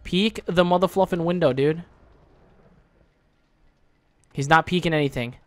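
A man giving live gameplay commentary, excitable and trash-talking, with sudden frustrated outbursts. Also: on the high side, measured pace, no room sound. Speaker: gaming channel host.

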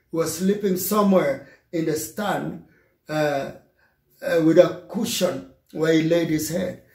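Male pastor with a high voice, slow, repetitive sermon delivery, echoey church hall. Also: dark tone. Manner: slow, emphatic preaching with repeated phrases.

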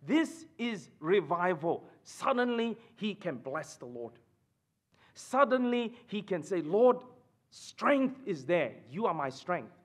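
A man preaching a sermon in church, emphatic and animated, often asking the congregation "right?" and dropping suddenly to a hush. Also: high voice, slow pace. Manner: repeats and restarts phrases, addresses the congregation with "right?". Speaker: pastor.

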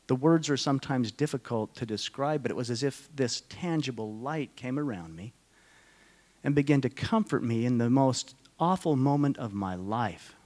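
A middle-aged man speaking to a conference audience, telling a personal story in a slow, halting, deeply emotional way, often dropping to a hush. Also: lively intonation. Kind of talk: personal testimony talk to an audience. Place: conference hall.

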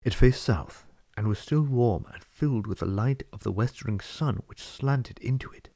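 A man reading a classic fantasy novel aloud as an audiobook narrator, telling the story in a steady, read-aloud way. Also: medium pitch, moderate pace, vocal fry, no echo, clean studio sound. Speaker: audiobook reader. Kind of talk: scripted narration.

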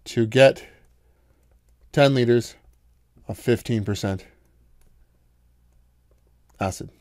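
A male math lecturer walks through a problem at a patient, steady pace, pausing to quiz his students. His voice sits at an ordinary middle pitch. The recording is dry and close, with no room sound. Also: dry recording. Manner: patient, explains step by step with questions to students.

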